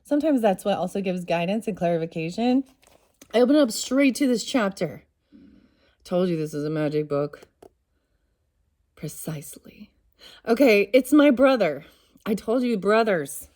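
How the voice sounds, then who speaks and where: A woman giving a casual tarot reading and reading aloud from a storybook, excitable and talking straight to her viewers. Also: fairly high pitch. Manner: excitable, talks straight to viewers, bursts of laughter. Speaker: tarot reader.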